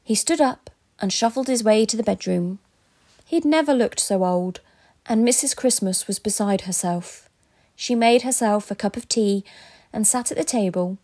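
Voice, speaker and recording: A woman telling a children's story as a podcast storyteller, in a gentle, expressive way. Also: medium pitch, normal speed.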